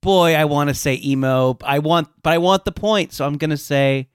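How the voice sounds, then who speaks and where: A man's voice: a little high, moderate pace, clear, resonant tone, no echo, studio quality. A man bantering wryly in a casual comedy podcast chat, often laughing. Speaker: podcast co-host.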